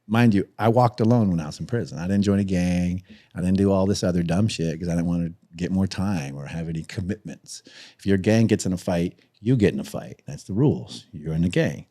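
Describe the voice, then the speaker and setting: A man telling a story as a podcast guest, animated, swearing freely and laughing through it, jumping up in pitch when acting out other people.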